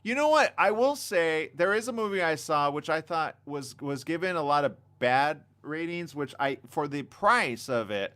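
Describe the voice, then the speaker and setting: A man hosting a casual live stream on a desk mic, reading viewer comments and chatting excitably. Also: a little high, normal speed, hardly any pauses. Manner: animated, excitable, reads viewer comments aloud. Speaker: livestream host. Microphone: desk condenser mic.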